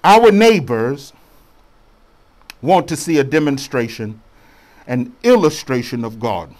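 A man's voice: mid-range voice, expressive, slow, darkish tone. A man preaching a sermon as a bishop, colloquial and preacherly, calling out to his congregation for responses.

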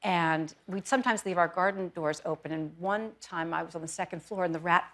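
Brief: animated woman storyteller, chatty talk show guest. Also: on the low side, brisk. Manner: lively storyteller, acts out voices. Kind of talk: animated anecdote telling. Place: TV studio.

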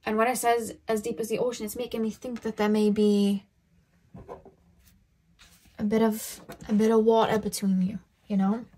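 A woman's voice: fairly high pitch, flat delivery, moderate pace, long pauses, warm tone, slight background noise. A woman giving a casual pick-a-card tarot reading to her viewers, rambling and thinking aloud with lots of filler words.

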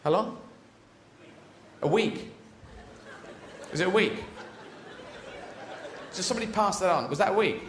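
Male stand-up, excitable and rambling, fairly high and animated; echoey live room with noise. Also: measured pace, long pauses, crowd noise. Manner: rambling, excitable, swears freely, jumps into voices. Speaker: stand-up comedian. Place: live comedy venue.

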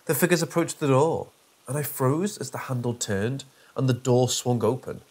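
A man's voice: medium pitch, moderate pace, a little mellow. A man narrating a first-person horror story in a dry, sarcastic way.

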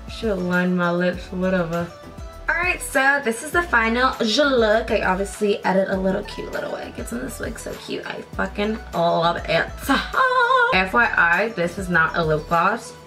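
A woman's voice: medium pitch, pushed and bright. A young woman vlogging a casual makeup unboxing, chatty and loose, thinking aloud and swearing now and then. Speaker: beauty vlogger.

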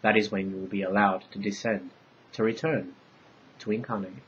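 A man voicing an ancient all-knowing divine queen, part bee, speaking in solemn, measured pronouncements. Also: on the low side, steady tone, muffled recording, slight background noise, natural voice.

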